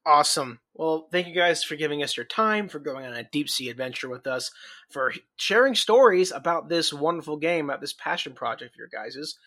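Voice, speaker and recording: A man's voice: a little high, lively intonation, a little fast, pushed and bright. A man hosting a casual podcast chat, eager and often restarting his sentences. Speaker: podcast host.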